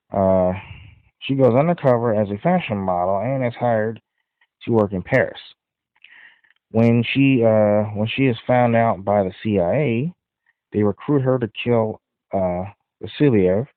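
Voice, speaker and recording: A man talks through a movie review in a loose, rambling way, leaning on fillers and restarting his sentences. His voice sits fairly low. The sound is thin and phone-like, with a dry, close feel. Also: no room sound. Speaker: podcast host.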